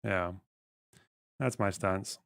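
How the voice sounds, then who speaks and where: A man's voice: low-pitched, very slow, gravelly, a bit bright. A male streamer in casual live-stream commentary, reading text aloud and reacting with sarcastic, profane remarks.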